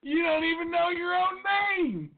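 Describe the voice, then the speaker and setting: A man's voice: very high-pitched, expressive, moderate pace. A man voicing a crude, teasing stoner puppet that ribs its co-host in mocking banter. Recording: tinny lo-fi podcast audio.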